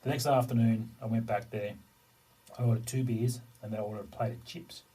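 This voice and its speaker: A middle-aged man rambles through a story in loose, easy podcast chat, swearing here and there. His voice is slightly husky and sits a little back from the microphone. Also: lowish voice, steady tone, fairly quick, mellow, distant mic, poor audio. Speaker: podcast co-host. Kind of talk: casual chat.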